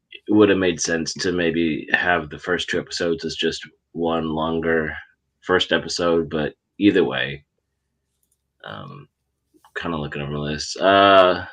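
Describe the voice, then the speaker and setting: A man's voice: rumbling low, pushed and bright. A man on a casual anime livestream chat, hesitant and trailing off as he tries to remember things. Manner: hesitant, trailing off while recalling.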